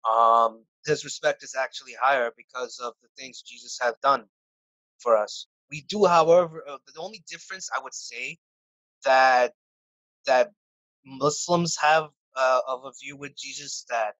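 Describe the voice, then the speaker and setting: A man answering interview questions in a casual, halting way, often restarting his sentences. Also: mid-range voice, fairly bright tone, no room sound, rough recording. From United States. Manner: halting, many restarts and fillers. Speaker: interview guest.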